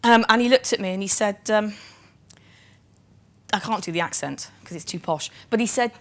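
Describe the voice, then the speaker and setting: A woman's voice: mid-range voice, moderate pace, long pauses. A middle-aged woman from Bristol with a Bristol accent, giving a conference keynote in a chatty, self-deprecating way with lots of ums. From England (Bristol). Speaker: chief nursing officer giving a keynote.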